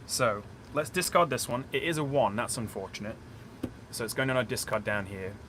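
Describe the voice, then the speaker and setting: A chatty man with a South Yorkshire accent talks through a solo board game on a live stream, rambling and thinking aloud as he explains each move to his viewers. His pitch sits in an ordinary middle range, and a faint hum of a home boiler hangs behind him in the room. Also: a little fast, fairly bright tone. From small town outside Sheffield, England. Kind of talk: casual live-stream chat explaining rules. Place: indoors at home, curtained room. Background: faint boiler noise.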